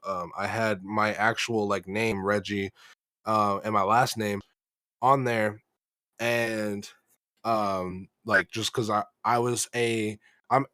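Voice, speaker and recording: A young American man, a rap artist, answering interview questions in a monotone, halting way, with many fillers and restarts. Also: lowish voice, no echo. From United States.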